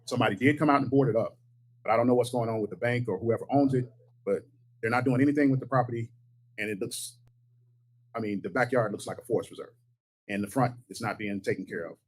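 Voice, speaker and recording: A man's voice: mid-range voice, quick pace, husky, rough recording. A man, a longtime resident, hesitantly complaining about his block during public comment at a town meeting. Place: meeting hall.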